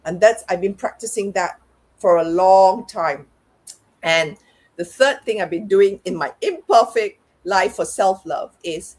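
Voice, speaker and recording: Husky-voiced woman coach, reflective. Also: mid-range voice, lively intonation, measured pace. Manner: reflective, talks herself through things aloud. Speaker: guest, parenting and life coach. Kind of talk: candid conversational interview.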